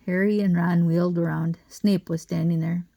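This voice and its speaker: A woman reading a children's novel aloud as an audiobook narrator, with steady, expressive reading. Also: lowish voice, normal speed, gravelly. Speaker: audiobook reader. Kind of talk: storybook narration.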